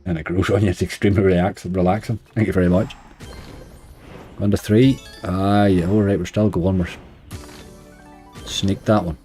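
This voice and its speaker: Man, Northern Irish accent, middle-aged, dark mellow voice, chatty muttering commentary, faint music behind. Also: low-pitched, fairly even intonation, moderate pace, pauses often, husky. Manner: chatty, muttering at the game, dry grumbling. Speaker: online slots streamer. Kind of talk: casual live-stream commentary.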